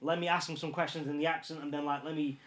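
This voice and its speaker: Northern English man, podcast guest, brisk and slightly high voice, rambling casual chat. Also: flat delivery, a bit bright. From Lincolnshire, England. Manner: rambling, filler-heavy, repeats "you know what I mean".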